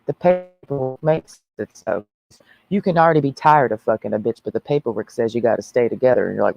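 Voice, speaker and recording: A woman's voice: rumbling low, animated, brisk, gravelly, a little mellow, dry recording, lo-fi sound. A woman ranting on a livestream in a brash, mocking, preachy way.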